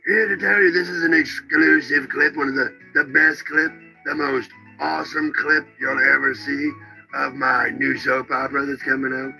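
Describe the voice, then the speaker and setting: A man's voice: medium pitch, steady tone, vocal fry, sharp tone, soft background music, low-quality recording. A man voicing a boastful billionaire TV-star parody who brags in superlatives. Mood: bragging. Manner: bragging, repeats superlatives, drawn-out words. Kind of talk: parody ad for a fake soap opera.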